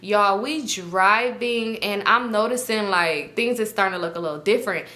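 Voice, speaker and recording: Bright-voiced young woman telling a story. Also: medium pitch, moderate pace. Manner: animated, acts out everyone's lines in slang-heavy chat. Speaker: storytime vlogger. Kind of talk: casual storytelling to viewers.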